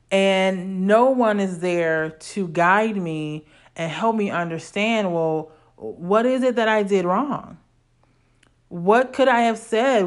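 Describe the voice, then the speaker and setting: A woman in her forties from Illinois, telling a personal story in a candid, conversational way with casual slang. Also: fairly low pitch.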